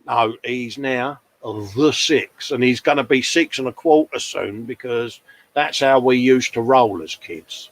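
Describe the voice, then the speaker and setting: A man's voice: medium pitch, measured pace. Chatty man in his forties. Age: 40s. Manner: chatty and jokey, calls people mate. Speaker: host of a model-building live show. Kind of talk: casual chat. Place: hobby workbench.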